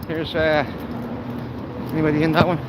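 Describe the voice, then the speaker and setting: A man's voice: fairly high pitch, completely flat delivery, moderate pace, heavy background noise. Blunt, swearing Irish man outdoors. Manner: blunt, profane, heated. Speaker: livestreamer. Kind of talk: live walking vlog. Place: outdoors by a canal, walking a dog.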